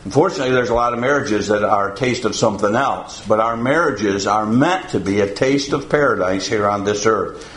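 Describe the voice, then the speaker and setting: A man preaching a sermon to his congregation in a folksy, halting way, often pausing on "uh" and chuckling. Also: on the low side, fairly bright tone, reverberant, rough recording. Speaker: pastor.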